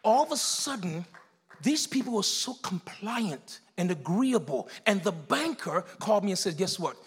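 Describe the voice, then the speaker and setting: A man, preaching a sermon as pastor, telling a story in hushed tones and building to shouted exhortation. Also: high voice, big pitch swings, normal speed, husky, long reverb tail.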